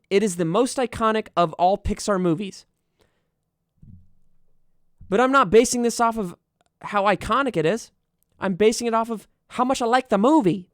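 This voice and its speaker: A man's voice: sits high, no echo, studio quality. Sarcastic, profane young streamer guy. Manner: profane, sarcastic, riffing on what he reads. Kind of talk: casual livestream commentary.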